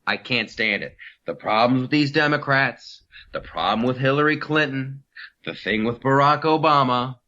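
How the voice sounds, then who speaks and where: Man, comedy podcast host, bright forceful voice, dull lo-fi sound, riffing and mocking. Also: medium pitch. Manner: riffing, mocking, mimics politicians' cadence. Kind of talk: casual political comedy chat.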